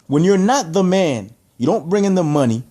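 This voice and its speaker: Heated, mellow-voiced man ranting about boxing. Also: high voice, lively intonation, moderate pace. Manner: heated, emphatic, repeats points, rhetorical questions. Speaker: boxing commentator. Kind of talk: opinionated boxing rant.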